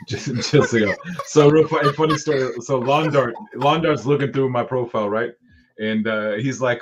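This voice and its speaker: A man's voice: mid-range voice, unhurried, pauses often, dull audio. A man co-hosting a casual livestream, laid-back and laughing often. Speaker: livestream co-host. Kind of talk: casual chat.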